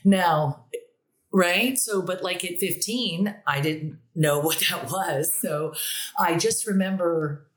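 Low-voiced woman in her fifties, chatty. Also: slow pace. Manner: chatty storyteller, laughs often. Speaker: guest, university director of bands. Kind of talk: casual interview chat.

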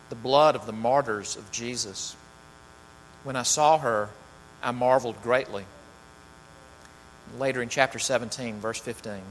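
A man's voice: mid-range voice, fairly bright tone. A man preaching a sermon, reading scripture with rising emphasis, then praying and talking loosely with fillers. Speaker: pastor. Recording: long hall reverb, faint mains hum.

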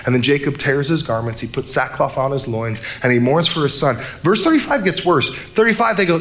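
A young man preaching a sermon, animated, acting out the characters' lines as he retells the story. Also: fairly high pitch, fairly quick, few pauses. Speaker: pastor.

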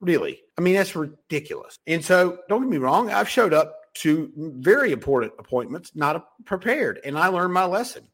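Lively, profane man giving sales advice. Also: fairly high pitch, normal speed, hardly any pauses. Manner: loose, profane, many restarts and self-corrections. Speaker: podcast host and sales coach. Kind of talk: casual motivational talk.

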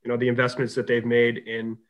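A man in his forties with a Boston accent, a podcast guest talking in a relaxed way, pausing often with fillers. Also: mid-range voice. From Boston area, USA. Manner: relaxed, hesitant with many fillers. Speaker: guest, sales executive. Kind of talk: casual interview chat.

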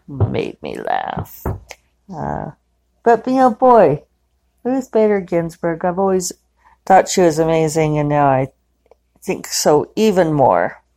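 A woman's voice: fairly low pitch, huge pitch swings, creaky, dark tone. Chatty woman rambling about her day. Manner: chatty, rambling, quick to laugh. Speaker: podcaster. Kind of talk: casual diary-style monologue. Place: living room at home.

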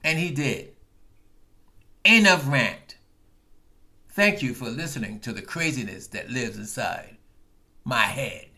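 A man hosting a podcast, delivering a comedic angry rant that swings from calm narration to bursts of yelling. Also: mid-range voice, normal speed, gravelly. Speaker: podcast host.

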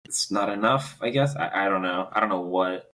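A man's voice: deep voice, moderate pace, sharp tone. A man co-hosting a podcast, chatting eagerly about favorite scenes with lots of filler words. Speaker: podcast co-host. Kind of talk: casual chat.

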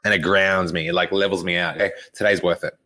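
A man's voice: low-pitched, fairly even intonation, fast, pushed and bright. A young man, a fitness coach telling a rambling, profane story in casual podcast talk. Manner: rambling, profane, laughs often.

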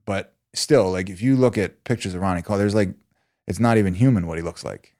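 A man with a notably deep voice chatting on a podcast. He rambles through his points with plenty of "like" and "you know", relaxed and unhurried. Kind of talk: casual chat.

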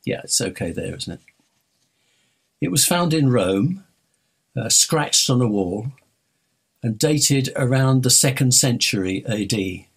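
A man from North London preaching a sermon, telling stories and stressing key words with dramatic slowdowns. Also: medium pitch, animated, gravelly, husky.

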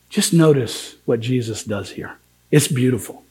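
A man's voice: medium pitch, a little slow, warm tone. A man preaching a sermon as pastor, earnest and emphatic, acting out the words of biblical figures in quotes.

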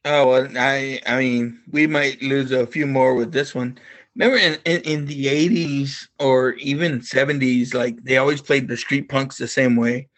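A man's voice: mid-range voice, fairly even intonation, moderate pace, a bit bright. Laughing man sharing movie stories. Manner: laughs easily while telling stories. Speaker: podcast guest. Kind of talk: casual chat.

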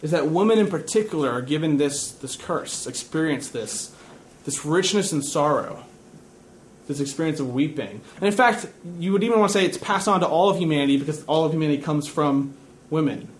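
In church, a male pastor gives an earnest, measured sermon, slipping into hushed tones when he turns reflective. His voice is on the high side and animated, with slight background noise present.

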